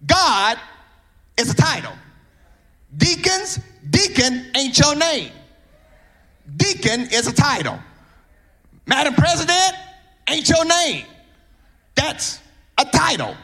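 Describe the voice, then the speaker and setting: A man from Mississippi, preaching a fervent sermon in a church that swells into sung whooping and shouts. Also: very high-pitched, big pitch swings, takes it slowly, pauses often.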